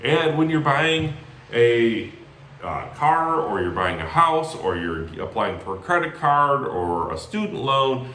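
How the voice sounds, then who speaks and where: Animated man giving sales call training. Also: medium pitch, slow pace, echoey room. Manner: energetic, animated, tags lines with "right?". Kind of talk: training talk.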